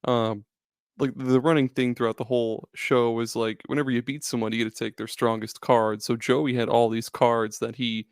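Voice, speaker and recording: A man's voice: medium pitch, level tone, moderate pace, clear, resonant tone, no echo. Laid-back man hosting, dry close sound. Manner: loose, profane and laughing, with frequent restarts. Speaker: podcast host. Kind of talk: casual chat.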